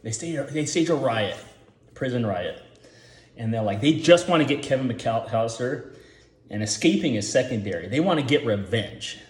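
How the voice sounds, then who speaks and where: A man's voice: mid-range voice, expressive, normal speed, echoey room. A man giving rambling, profane casual commentary, full of filler words, as the host.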